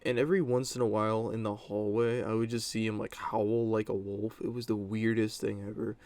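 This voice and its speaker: A man's voice: lowish voice, flat delivery, fairly quick, darkish tone, dry recording. A young adult man telling a story from his school days in a casual, blunt monologue, with many fillers and crude words.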